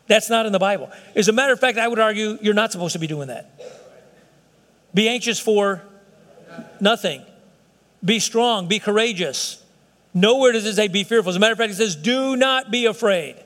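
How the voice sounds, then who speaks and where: A man's voice: high-pitched, a little fast, a bit bright. A middle-aged man preaching a sermon to his congregation, emphatic and conversational, often acting out quotes in other voices. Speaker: pastor. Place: church sanctuary. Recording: long reverb of a hall.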